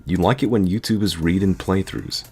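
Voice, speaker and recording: Deep-voiced guy, joking game commentary. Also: moderate pace, darkish tone, slightly rough, faint music behind. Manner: joking, crude and rambling. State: dry, sore throat. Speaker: game streamer. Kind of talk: casual let's-play commentary.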